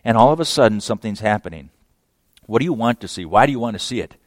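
A man's voice: on the low side, expressive, fast, dry recording. A man preaching a sermon who acts out scripture dialogue, raising his voice for the quoted characters.

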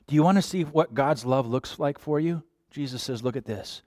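Animated preacher man, fairly high voice. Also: moderate pace, dry recording, studio quality. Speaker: pastor. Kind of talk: sermon.

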